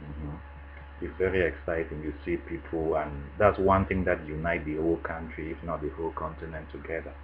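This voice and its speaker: Cameroonian man, very deep voice, relaxed chatty vlog talk, muffled lo-fi sound, faint hum. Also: normal speed. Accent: Cameroonian English. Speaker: vlogger answering a tag. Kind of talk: casual monologue.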